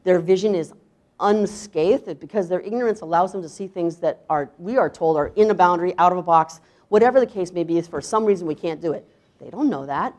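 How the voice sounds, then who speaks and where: A woman chef talks to a seminar audience in a lowish voice. She is emphatic and asks rhetorical questions, then acts out the voices she quotes. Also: fairly quick, a little mellow. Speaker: chef presenter. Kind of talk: conference talk.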